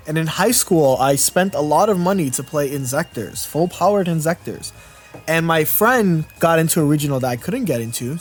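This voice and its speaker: A young man in his twenties doing casual live-stream commentary on a card game. He rambles, restarts his sentences and answers chat as he goes. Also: a little high. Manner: rambling, self-interrupting, chatty with viewers.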